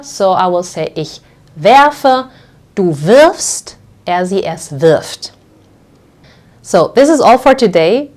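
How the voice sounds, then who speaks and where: A woman's voice: mid-range voice, a little mellow. A woman teaching pronunciation in English, explaining patiently and checking in often with the listener. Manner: patient, slow, checks in with frequent "okay?". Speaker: German teacher. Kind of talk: language lesson explaining pronunciation.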